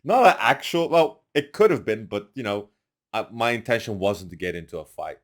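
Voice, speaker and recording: A man's voice: fairly low pitch, normal speed. A young man on a podcast, telling stories casually and acting out what others said. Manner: animated storyteller, acts out quotes loudly. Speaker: podcast guest.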